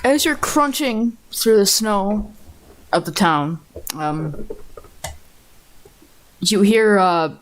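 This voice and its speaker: A woman narrating as dungeon master of a tabletop game, relaxed and laughing often. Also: medium pitch, very slow, pauses often. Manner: relaxed, laughing, swears casually.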